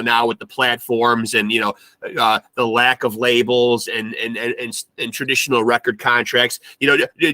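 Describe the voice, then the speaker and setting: Podcast host dude, super bright sharp voice, stammers a lot before asking stuff. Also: male voice, a little high, no echo. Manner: stammering repeated starts before questions. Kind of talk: casual interview.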